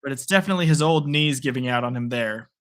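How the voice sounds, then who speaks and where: A man's voice: medium pitch, fast talker, a bit bright. A man hosting a live play-by-play reaction stream, playful and rambling between calls. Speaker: sports stream host.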